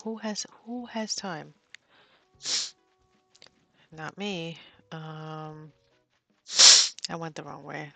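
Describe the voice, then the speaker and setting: A young adult woman streaming a cozy game, chatting casually and getting excitable as she plays. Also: low-pitched, extremely slow, vocal fry, long pauses. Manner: chatty, excitable, bursts into squeals and whispers. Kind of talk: casual gameplay commentary.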